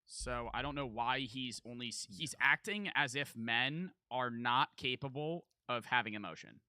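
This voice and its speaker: A man's voice: mid-range voice, normal speed, sharp tone, dry recording, studio quality. A man streaming live, reacting to a video with casual, profane, argumentative commentary full of filler words.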